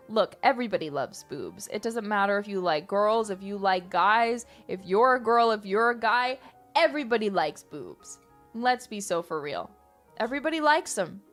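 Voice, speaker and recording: A woman's voice: medium pitch, animated, moderate pace, soft background music. A young woman streaming, chatting casually in a playful, rambling way with theatrical bursts. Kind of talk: casual live-stream chat.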